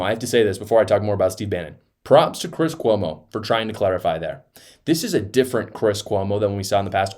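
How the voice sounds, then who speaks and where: A man's voice: mid-range voice, a little mellow. Heated male political commentator. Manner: heated, emphatic, sarcastic mimicry. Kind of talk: reaction commentary.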